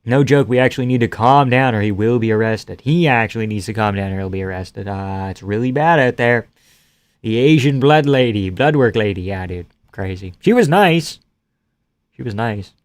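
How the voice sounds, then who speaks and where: A man's voice: lowish voice, fairly quick, no echo. A young man hosting a live stream, casually reading out viewer comments and joking crudely in an offhand way.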